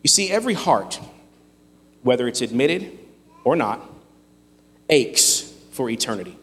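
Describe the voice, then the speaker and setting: A man preaching a sermon, earnest and emphatic, with dramatic pauses. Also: mid-range voice, big pitch swings, fairly bright tone, big-room sound. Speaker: pastor.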